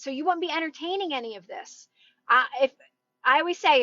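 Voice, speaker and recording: Woman, high voice, upbeat chatty live-stream coach, dry lo-fi phone sound from a parked car. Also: fairly bright tone, no room sound. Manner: encouraging, chatty, often asks "right?". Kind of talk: casual live-stream motivational chat.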